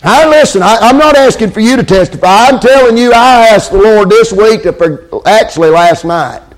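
Male preacher, high voice, sermon cadence, call-and-response amens. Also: normal speed. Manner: calls out amens, repeats lines for emphasis.

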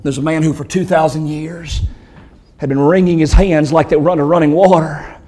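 A man preaches a vivid sermon story in a high voice. His delivery swells to intense peaks and drops low and grave. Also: fairly even intonation, normal speed, dark tone, poor audio. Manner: intense, rising and falling delivery.

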